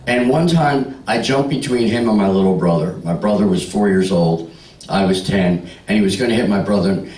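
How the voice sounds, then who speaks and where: A stand-up in his sixties entertains a party room crowd, building stories to punchlines and chatting back at listeners. He has a lowish, slightly mellow voice at a moderate pace, recorded roomy with the mic far away.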